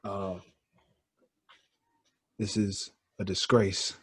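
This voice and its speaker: A man in casual podcast chat, easygoing and full of slang. His voice has a husky, slightly rough edge. He tells stories with animated asides. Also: mid-range voice, moderate pace. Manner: laid-back, animated storytelling with slang. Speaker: podcast co-host.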